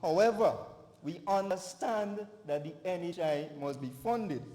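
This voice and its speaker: Young Grenadian male debater, high-pitched, deliberate and emphatic, recorded in a reverberant chamber. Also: expressive, noisy background. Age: young adult. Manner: emphatic, deliberate, stresses words. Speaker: youth parliament opposition member. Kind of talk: formal parliamentary debate speech. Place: large parliament chamber. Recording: echoey chamber with long reverb.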